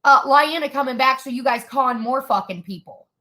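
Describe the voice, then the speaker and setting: A woman tears into someone in a heated, expletive-filled rant. Her voice sits high and rings bright and sharp. She sounds fed up and furious throughout. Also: normal speed. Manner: furious, profane ranting. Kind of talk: angry rant.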